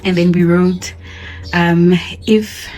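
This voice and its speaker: A woman's voice: on the low side, steady tone, slow, dark tone, a little hiss or hum, poor audio. A young woman, a primary school teacher, chatting casually to camera and laughing often, repeating her words as she talks. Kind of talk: casual vlog chat.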